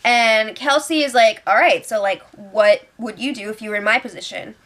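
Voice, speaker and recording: A young woman hosting a casual reality show spoiler recap, retelling events in an animated way with laughs. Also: a little high, moderate pace.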